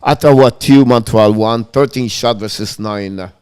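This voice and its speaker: A man's voice: on the low side, measured pace, darkish tone, smooth, no room sound, studio quality. A man hosting a live-stream hockey show, calling the play-by-play in broken English and laughing often.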